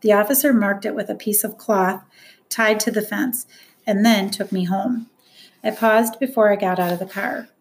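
Brief: woman narrator, measured first-person storytelling, earnest delivery. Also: medium pitch, steady tone, vocal fry. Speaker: audiobook narrator.

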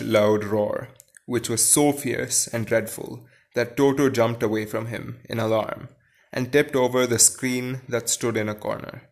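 A man reading a storybook aloud, stumbling and restarting now and then, and stopping to question the story in his own words. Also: medium pitch. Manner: slips and restarts while reading. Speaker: reader.

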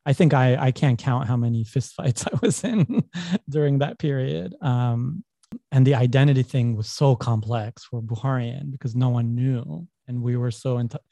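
He's a young adult New Yorker on a podcast, casually rambling through his own stories and laughing as he goes, often correcting himself. The voice is medium-pitched and warm with vocal fry, at a moderate pace, recorded without echo.

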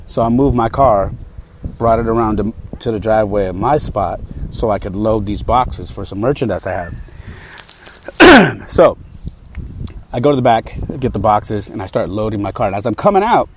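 Low-voiced man telling a heated story. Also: animated, moderate pace, pauses often, a little hiss or hum. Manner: candid, heated, with frequent fillers. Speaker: podcast host. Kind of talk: casual storytelling monologue.

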